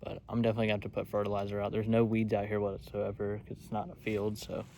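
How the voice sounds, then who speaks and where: A young man rambling in a laid-back way, often keeping his voice low, in a casual outdoor hunting vlog. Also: monotone, fast, darkish tone. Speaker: hunting vlogger. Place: outdoors in woods by a food plot. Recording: outdoor noise behind. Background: outdoor noise.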